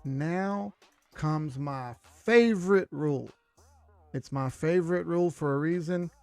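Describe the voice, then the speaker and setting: A man's voice: fairly high pitch, measured pace, gravelly, clean tone, no echo, faint music behind. A man teaching trading rules to viewers in an emphatic, direct way. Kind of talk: instructional talk to viewers.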